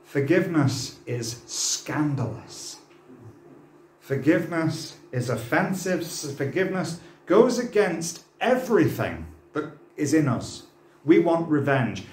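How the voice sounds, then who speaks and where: A man's voice: on the high side, big pitch swings, slow pace, echoey room, a little hiss or hum. A man preaching an impassioned, dramatic sermon, full of rhetorical questions. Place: church hall.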